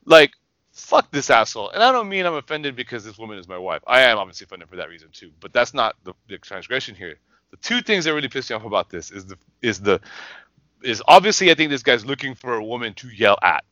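A man with a bright, forceful voice rants heatedly and swears freely, hammering his points home. His voice sounds close and dry, slightly dull in tone, as in a casual podcast. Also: mid-range voice, very animated, fast, no room sound. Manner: heated, profane, emphatic. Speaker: podcast co-host. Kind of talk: casual profane rant.

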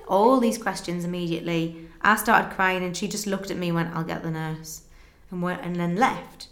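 A young woman with a fairly low voice tells a personal story with emotional earnestness. She replays conversations in quick back-and-forth, and the recording carries a roomy echo. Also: fairly bright tone. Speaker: guest telling her story.

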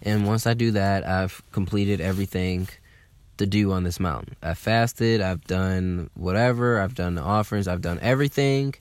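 A young man from telling a casual, animated story, swearing freely and using lots of fillers. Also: deep voice, dry recording. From Atlanta, USA. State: slightly hungover.

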